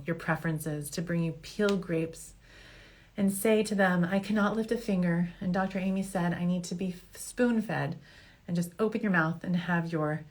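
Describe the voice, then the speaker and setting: A woman's voice: low-pitched, a bit bright. A middle-aged woman fertility doctor answering viewer questions in a casual, joking way, laughing at her own slips. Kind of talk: casual Q&A show.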